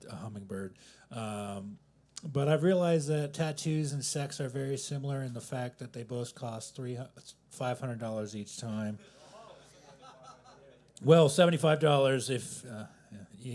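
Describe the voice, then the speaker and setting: A man in his thirties doing a self-deprecating open mic stand-up set in a coffee house, swinging between loud punchlines and mumbled asides. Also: mid-range voice, moderate pace. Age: 30s. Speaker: stand-up comedian.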